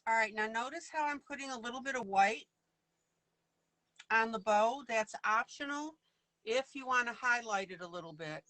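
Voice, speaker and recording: A woman's voice: fairly high pitch, lively intonation, moderate pace, bright, forceful tone, no echo, rough recording. A woman leading a casual live coloring lesson, chatty and playful, laughing often as she works. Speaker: online coloring teacher.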